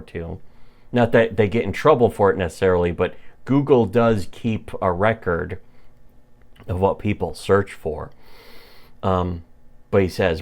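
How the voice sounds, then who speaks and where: Deep-voiced, rambling man on a podcast. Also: a little mellow. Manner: rambling and halting, with many fillers. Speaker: podcast co-host. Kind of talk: casual podcast chat recapping a comic.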